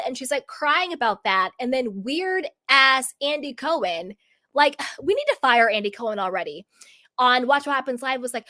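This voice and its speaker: Fired-up lady doing a reality show recap, highish voice, dry close mic, lots of rhetorical questions. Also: expressive, moderate pace, sharp tone, dry recording. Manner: emphatic, indignant, rhetorical questions. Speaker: reality TV commentator. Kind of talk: opinionated recap commentary.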